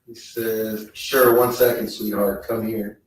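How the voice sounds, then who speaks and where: A man on the witness stand reading text messages aloud in a slow, measured way. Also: on the low side, little pitch movement, a little hiss or hum. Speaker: trial witness. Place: courtroom. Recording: echoey courtroom feed, distant mic.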